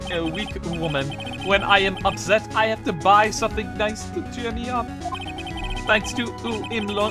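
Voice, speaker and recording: A man's voice: sits high, pitched above the performer's own voice, lightly acted. A man voicing a flamboyant, fretful French chef in a put-on French accent, reading game dialogue with melodramatic complaint. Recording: music playing under the voice.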